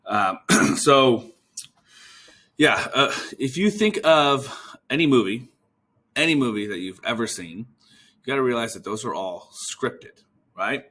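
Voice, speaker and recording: A man hosting a podcast for physical therapists, talking casually and acting out sample phone calls in quick put-on voices. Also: medium pitch, animated, a bit bright. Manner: casual, swears now and then. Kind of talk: casual coaching talk.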